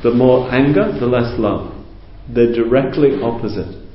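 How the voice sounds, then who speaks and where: A man giving a calm, conversational teaching talk to a group, explaining patiently and asking rhetorical questions. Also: medium pitch, measured pace. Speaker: spiritual teacher. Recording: roomy, dull lo-fi recording.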